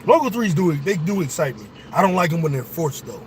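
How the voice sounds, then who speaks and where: A young man, his voice pitched a little high, calls a basketball game live for his viewers. He is excitable and swears freely. A faint hiss sits under the voice. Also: fairly quick. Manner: excitable, profane, talks straight to viewers. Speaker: sports show host. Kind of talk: casual live watch-along commentary.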